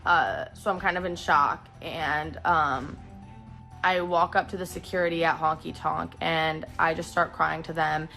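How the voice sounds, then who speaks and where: A young woman recounting a painful personal story in a halting, emotional way. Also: sits low, fairly even intonation, gravelly, pushed and bright, soft background music. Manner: halting, full of fillers and restarts, emotional.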